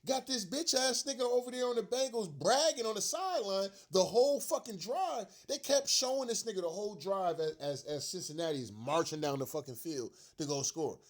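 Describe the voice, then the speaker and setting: Man, fan rant, profane slang, frustrated, lively swinging pitch, somewhat high voice. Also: a little fast, few pauses. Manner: profane, repetitive, slangy, laughing in disbelief. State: upset and frustrated. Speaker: sports rant vlogger.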